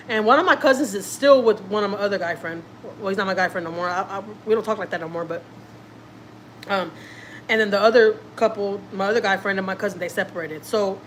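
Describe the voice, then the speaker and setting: Woman, vlogger, casual story, repeats herself, mid pitch, faint noise behind. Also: fairly bright tone. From Houston, Texas. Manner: chatty, repeats herself, acts out quotes. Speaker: family vlogger.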